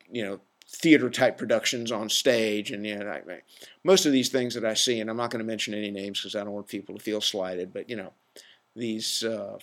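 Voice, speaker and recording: A man hosting a podcast alone, giving an opinionated, rambling rant in a casual, self-aware way. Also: mid-range voice. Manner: opinionated, ranting, self-deprecating. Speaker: podcast host. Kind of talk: casual solo monologue.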